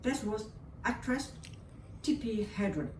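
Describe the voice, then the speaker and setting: As an interview guest, an older woman from Vietnam shares a personal story with feeling in accented, second-language English, repeating her words often. She speaks slowly in a medium-pitched, darkish, expressive voice, captured in a roomy, distant recording with faint hiss.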